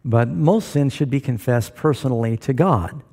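A man's voice: mid-range voice, moderate pace, mellow. A man preaching a sermon to a live congregation in a church, folksy and joking, asking the crowd for responses. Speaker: pastor.

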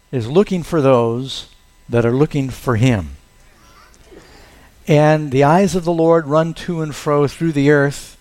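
A man preaching a sermon, telling a Bible story and slowing down to stress key words. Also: fairly high pitch, a little mellow. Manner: storytelling, leans on key words with slowed emphasis.

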